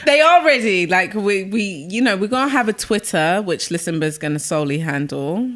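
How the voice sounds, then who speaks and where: A woman, co-hosting a podcast and telling lively stories in casual, slangy chat. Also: on the low side, fairly quick. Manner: animated storyteller with slang, many restarts. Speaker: podcast co-host.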